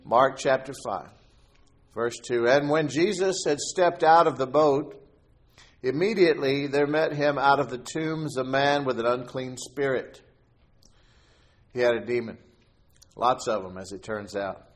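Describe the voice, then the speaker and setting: Man, pastor, sermon, reads scripture aloud, slows on key words, mid-pitched voice.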